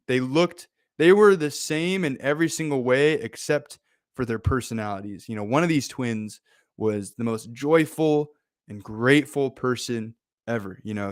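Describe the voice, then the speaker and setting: A man's voice: medium pitch, clean tone, no echo, studio quality. A man hosting a casual motivational talk, laid-back and chatty, with many fillers. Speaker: host.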